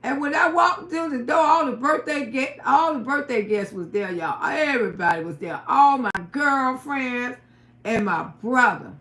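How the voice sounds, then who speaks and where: High-voiced, profane woman storyteller. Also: normal speed. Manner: profane, animated, laughs and cries while telling. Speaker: live-stream host. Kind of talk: storytelling to viewers. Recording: roomy echo.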